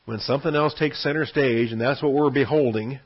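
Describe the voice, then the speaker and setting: A man teaches a Bible study in an easy, conversational way, often repeating himself and pausing to ask "okay?". His voice is husky and sits at an ordinary pitch for a man. The recording sounds dull and lo-fi. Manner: conversational, repeats words, frequent "okay?" check-ins.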